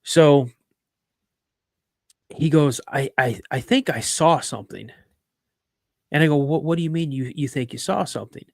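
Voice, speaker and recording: A man's voice: on the high side, normal speed, creaky, pauses often, no room sound, clean studio sound. A middle-aged man hosting a live podcast, telling a story casually, with many restarts and stammers. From Minnesota. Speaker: podcast host.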